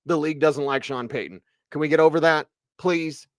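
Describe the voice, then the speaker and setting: A man's voice: fairly high pitch, a little fast, no echo. Emphatic sports radio host, man. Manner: emphatic, opinionated, fires off rhetorical questions. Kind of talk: postgame sports talk rant.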